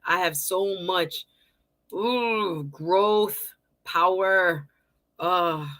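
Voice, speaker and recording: A middle-aged woman hosting a casual livestream, chatting warmly with viewers, greeting them by name and laughing often. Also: fairly low pitch. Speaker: livestream host.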